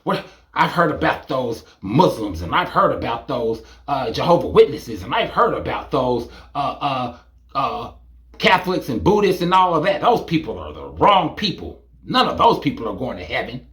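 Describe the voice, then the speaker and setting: A man's voice: mid-range voice, big pitch swings, normal speed, fairly bright tone, echoey room. A man mimicking a judgmental religious woman who talks in a smug, preachy way. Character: judgmental churchgoing woman, self-righteous.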